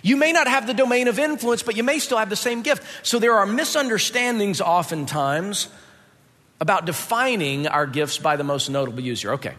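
Male pastor, high bright voice, lively conversational preaching, big hall reverb. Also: fairly quick. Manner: animated, conversational preaching with rhetorical questions. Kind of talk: sermon.

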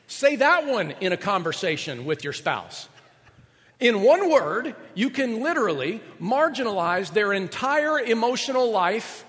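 A man preaching a sermon as a pastor, animated and joking, with quick asides to his listeners. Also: sits high, in a large hall.

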